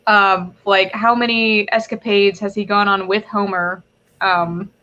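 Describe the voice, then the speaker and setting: A woman speaking on a casual panel, thoughtful with soft ums. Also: medium pitch, flat delivery, measured pace. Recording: dull muffled recording.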